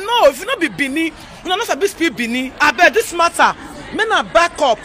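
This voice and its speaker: A woman's voice: extremely high pitch, sing-song, brisk, pushed and bright, a faint crowd. A Nigerian woman from Edo, ranting in a heated, pleading way in a vlog, repeating herself as she scolds people. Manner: agitated, pleading, repetitive. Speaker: vlogger.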